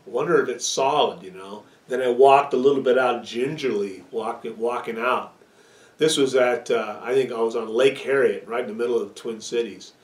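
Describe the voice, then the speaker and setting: A man's voice: medium pitch, recorded from a distance. A male pastor preaching a sermon, telling stories earnestly and leading a prayer. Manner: storytelling, earnest, with restarts. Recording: echoey room, away from the mic.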